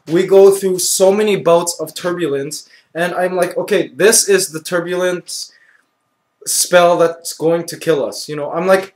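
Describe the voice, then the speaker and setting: In a vlog, a young man with a fairly high voice tells an animated story, excitably acting out his own reactions with sudden loud outbursts. He scatters "like" and "you know" throughout.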